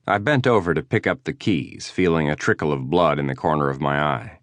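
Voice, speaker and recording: Deep male narrator, dry understated wry read, close studio mic, no room sound. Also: expressive, normal speed, fairly bright tone, dry recording. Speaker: audiobook narrator. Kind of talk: first-person audiobook narration.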